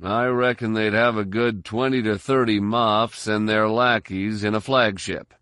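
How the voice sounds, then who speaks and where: A man voicing a steady male soldier in a storybook reading, matter-of-fact. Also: fairly low pitch, a little slow, clear, resonant tone, no room sound, clean studio sound.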